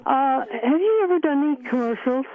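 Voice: sits high, animated. A radio caller chatting hesitantly with the host over the phone. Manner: halting, hesitant speech. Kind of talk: phone-in chat. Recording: tinny phone line.

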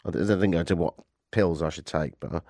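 A man's voice: low voice, fairly even intonation, fast talker, darkish tone, no echo, studio quality. A man hosting a talk radio show, with a stuffy nose from a cold. He tells stories with sarcasm and animation. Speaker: radio host. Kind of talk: casual talk radio banter.

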